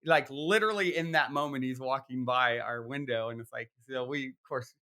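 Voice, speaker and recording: A man's voice: medium pitch, a little fast, sharp tone. A man hosting a podcast, telling a long personal story in a rambling way with many fillers and restarts. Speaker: podcast host. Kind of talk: animated storytelling in conversation.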